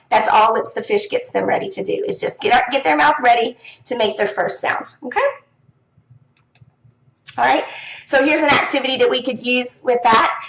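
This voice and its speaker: Woman teacher, high-pitched, casual and lively, sing-song classroom tone; echoey room. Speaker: teacher presenting to other teachers. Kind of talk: casual instructional talk.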